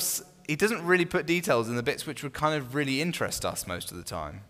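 A man teaching a small Bible study group in a relaxed, conversational way, often restarting phrases and putting questions to his listeners. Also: a little high, quick pace, hardly any pauses. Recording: long reverb in a room.

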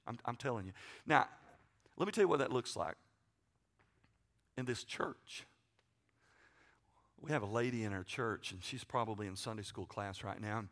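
A middle-aged man preaching a sermon, folksy and joking, swinging from loud to quiet asides. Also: lowish voice, moderate pace, long pauses, a little hiss or hum. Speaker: pastor.

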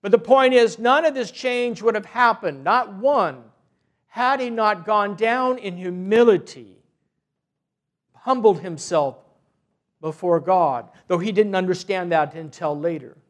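A man with a high voice preaching from the pulpit as a parish priest. He tells his story earnestly and unhurriedly, often stopping to restart a phrase. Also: measured pace. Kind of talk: sermon with a retold story.

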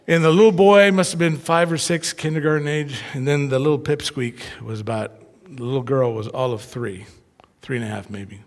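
A man preaching a sermon, telling personal stories with lively acted-out voices. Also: mid-range voice, in a large hall. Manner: animated storyteller who acts out voices. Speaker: pastor.

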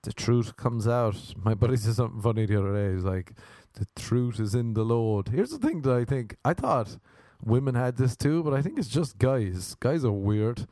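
A man's voice: mid-range voice, expressive, moderate pace, dark tone, no echo, studio quality. A young man doing a rambling comic monologue to camera, crude and joking, often stopping to restart his sentences. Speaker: vlogger.

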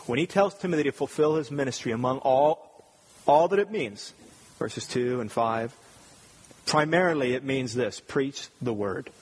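A man's voice: mid-range voice, moderate pace. A man preaching a sermon as pastor, earnest and emphatic, repeating key phrases for weight. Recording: husky voice with long hall reverb.

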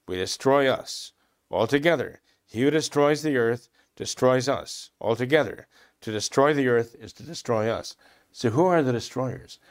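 A man with a medium-pitched voice delivers impassioned religious commentary, speaking emphatically and repeating phrases for stress. He clears his throat often.

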